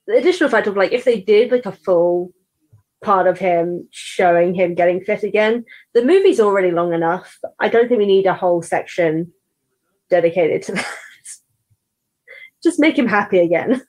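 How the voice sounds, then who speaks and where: A woman's voice: mid-range voice, moderate pace, a little mellow. A woman chatting casually with friends, talking with many fillers. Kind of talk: casual group chat.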